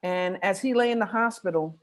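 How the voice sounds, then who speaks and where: A woman leading an organization speaks at an online forum in an earnest, measured way, slowing down for emphasis. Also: medium pitch. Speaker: executive director of a faith-based organization.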